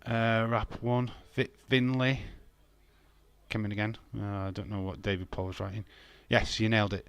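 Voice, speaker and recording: A man casually chatting with viewers as he hosts a wrestling watch-along, self-mocking and quick to laugh. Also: lowish voice, flat delivery, fairly bright tone, clear, resonant tone, no echo. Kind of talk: casual live-stream chat with viewers.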